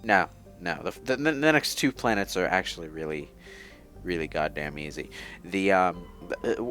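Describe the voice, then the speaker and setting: Low-voiced rambling gaming commentator, man. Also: sharp tone. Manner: rambling, many fillers and restarts. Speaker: let's play commentator.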